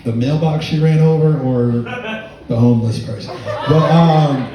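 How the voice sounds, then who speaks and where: A man's voice: on the high side, a little slow, dull audio, a crowd in the background. A man telling a stand-up comedy story, rambling with fillers and laughing through his lines. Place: comedy club stage with audience laughter. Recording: echoey room, mic far off.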